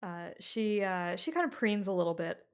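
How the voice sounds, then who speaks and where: A woman's voice: mid-range voice, big pitch swings, normal speed, clear, resonant tone. A woman running a tabletop horror game as game master, describing scenes in a loose, chatty way with many fillers.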